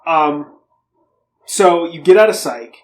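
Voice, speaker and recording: Man, young adult, podcast co-host, casual, profane, rambling, higher voice. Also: lively intonation, takes it slowly, poor audio. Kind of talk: casual chat.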